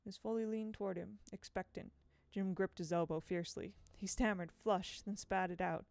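Brief: audiobook narrator, mid-pitched, gravelly edge, dry close mic. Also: female voice, no room sound. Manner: measured, expressive reading. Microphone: home microphone.

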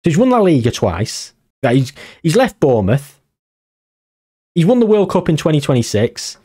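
Man, young adult, casual gameplay commentary, exclaiming, warm tone. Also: a little high, normal speed, slightly rough. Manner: animated, exclaiming, addresses viewers as gang. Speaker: gaming YouTuber.

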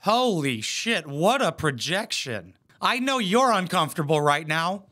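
A man's voice: fairly high pitch, very animated, a little slow, pushed and bright. A man hosting a reaction video, giving blunt, mocking commentary full of swearing. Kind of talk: profane sarcastic commentary.

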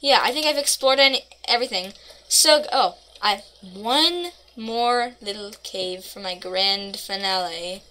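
A woman's voice: medium pitch, a little slow, pushed and bright. A woman casually commenting on her own gameplay, playful and mock-dramatic, rambling between asides. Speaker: gaming channel host.

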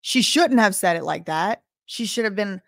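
A woman's voice: medium pitch, expressive, moderate pace, vocal fry, a bit bright, dry recording, studio quality. A woman commenting skeptically on a live stream, weighing claims and mocking what she doubts.

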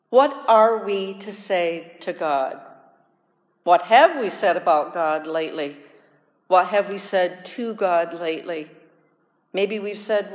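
A woman deacon preaching a sermon in a slow, gentle, prayerful way, sometimes lifting her voice in joyful exclamation. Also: mid-range voice. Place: church sanctuary. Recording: long church reverb.

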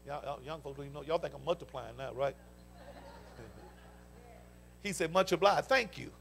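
An older pastor with a Southern US accent, preaching a fervent sermon with folksy stories and call-and-response interjections. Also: male voice, mid-range voice, moderate pace, vocal fry, a little hiss or hum. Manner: folksy storytelling. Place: church sanctuary.

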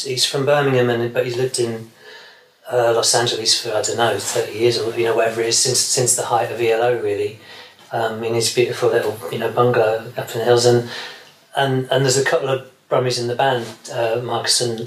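A man's voice: medium pitch, echoey room, slight background noise, poor audio. A man, a session guitarist, chatting in an interview and rambling with many restarts. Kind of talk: casual interview chat.

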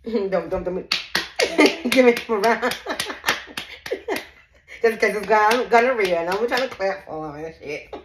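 A woman's voice: mid-range voice, measured pace, pauses often, very noisy. A woman giving a casual psychic reading who laughs often and talks bluntly and profanely straight to her viewers. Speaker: psychic reader. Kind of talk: casual spiritual reading chat. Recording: echoey room.

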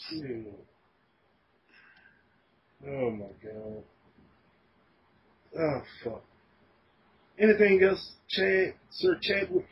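A high, lively male voice spins a rambling, profane story in a relaxed podcast chat. The audio sounds dull and lo-fi, with a faint hiss underneath. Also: drawn-out words, pauses often. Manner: animated, laughing, profane storytelling. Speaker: podcast guest.

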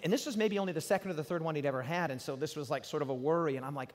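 A man's voice: a little high, rapid-fire, hardly any pauses. Preacher, man, 40s, tenor voice, dramatic live sermon with hall reverb. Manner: storytelling, dramatic swings from loud to hushed. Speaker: pastor. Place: large hall.

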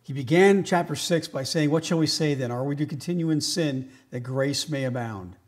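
A man preaching a sermon as pastor, slowing down to stress key phrases and shifting from loud emphatic lines to quiet asides. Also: a little high. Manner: slows right down on key phrases.

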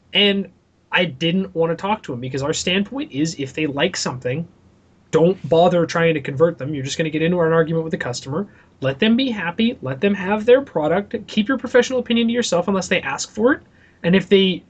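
A young man with a notably high voice rants through a casual podcast chat. He talks animatedly and swears freely. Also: husky. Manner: animated ranting with profanity. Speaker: podcast co-host.

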